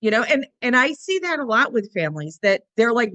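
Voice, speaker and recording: A woman co-hosting a podcast about dog training, talking in a relaxed, chatty way. Her voice is bright and forward, recorded dry and close with no room sound. She slips into quick little voices for the dogs and their owners. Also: on the high side, no echo. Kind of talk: casual podcast conversation.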